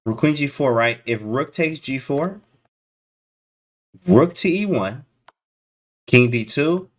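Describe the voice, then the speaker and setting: A man commentating chess live to his stream chat, excitable and disbelieving, talking in casual slang. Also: mid-range voice, slow pace.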